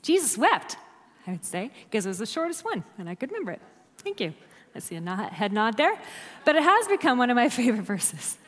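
A woman's voice: fairly high pitch, very animated, fast talker, fairly bright tone. A woman preaching a sermon to a church, emphatic and dropping to near-whispers on key words. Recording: long hall reverb.

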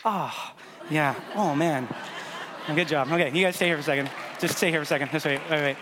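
Talking very fast in a steady, slightly high voice, this pastor preaches an informal sermon while guiding volunteers through a demonstration. His delivery is loose and full of filler words. The background is noisy, with long hall reverb.

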